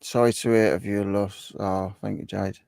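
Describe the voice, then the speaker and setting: A man's voice: lowish voice, level tone, normal speed, gravelly, a little mellow, no echo. A man hosting a casual livestream, reading viewer comments aloud and chatting with them in a bantering, repetitive way. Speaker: livestream host.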